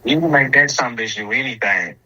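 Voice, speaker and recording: A man's voice: medium pitch, brisk, pushed and bright, slightly rough, low-quality recording. A man, a podcast guest who trains hog dogs, telling stories in a rambling, profane, casual way. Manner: profane, rambling storytelling in dialect.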